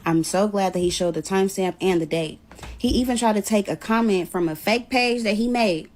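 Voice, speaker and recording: A woman sits and tells her followers a personal story time. She talks in a casual, blunt way and swears freely as she goes. Her voice sits in a middle pitch. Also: a little fast. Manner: blunt, animated retelling with swearing. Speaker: storyteller vlogger.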